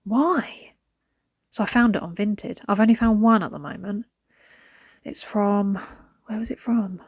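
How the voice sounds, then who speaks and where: Speaking at a measured pace, a vlogger in her thirties with a British accent rambles to her phone while tidying and decluttering indoors at home, often lowering her voice to a whisper. Her mid-range voice is darkish and slightly rough, captured with clean studio sound and no echo.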